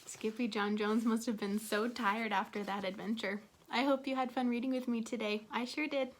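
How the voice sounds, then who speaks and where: A woman reading a children's picture book aloud in an expressive, playful way. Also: fairly high pitch, moderate pace, slight background noise. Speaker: children's story reader. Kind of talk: read-aloud storytelling.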